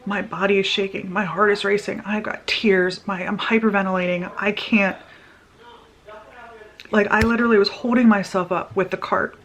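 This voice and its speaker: A woman vlogger telling a personal story in a casual, animated way, with quick restarts as she goes. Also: medium pitch, muffled recording. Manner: animated, tumbling retelling with restarts.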